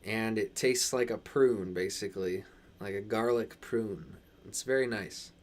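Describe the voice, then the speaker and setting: A man with a transatlantic accent hosting a casual live stream, reading chat aloud and answering in halting, restarting sentences. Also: on the low side.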